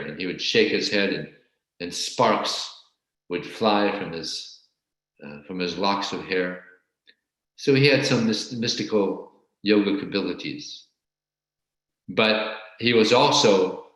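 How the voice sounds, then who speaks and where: A man teaching a scripture class and telling a story in a halting way, often repeating words. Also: sits low, a bit bright. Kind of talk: storytelling religious lecture. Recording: very echoey room.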